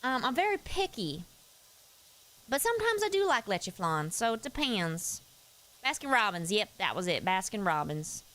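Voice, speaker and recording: A woman's voice: medium pitch, very animated, normal speed, pushed and bright, poor audio. A woman putting on a folksy, chatty Southern persona with a Southern US accent while chatting on a live stream. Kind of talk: casual live-stream chat.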